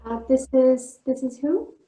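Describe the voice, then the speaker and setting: A woman hosting an online memorial, gently inviting speakers one after another. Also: sits high, animated, measured pace, roomy sound, rough recording. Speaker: memorial host. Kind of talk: moderating a video call. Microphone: video call.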